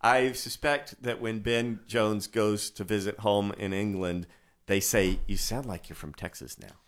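A man hosting a radio show, enthusiastic and quick to praise his guests in casual studio chat. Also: lowish voice.

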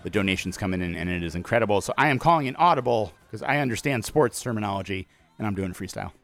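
A man's voice: on the low side, lively intonation, quick pace, vocal fry, a bit bright, faint music behind. A man working as a community radio DJ, bantering playfully on air and half-singing silly freestyle rhymes. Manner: goofy, half-sung rhyming, laughing. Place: radio studio.

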